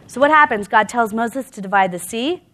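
A woman's voice: on the high side, normal speed, bright, forceful tone. A woman preaching a sermon in a church, speaking conversationally with rhetorical questions and bursts of laughter.

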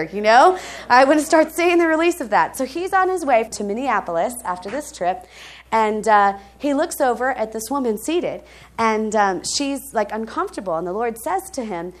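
A woman preaching, telling a testimony story in an animated way, laughing often and checking in with her listeners. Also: medium pitch, moderate pace.

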